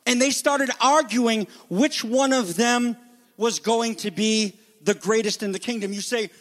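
A middle-aged man preaching a sermon in an animated way, acting out the voices he quotes. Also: extremely high pitch, unhurried. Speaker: pastor.

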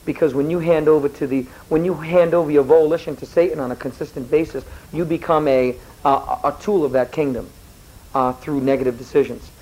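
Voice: medium pitch, steady tone, a little fast, dark tone, rough recording. A teacher giving a history lecture in a classroom, rambling and digressing, correcting themself mid-sentence and asking the students questions.

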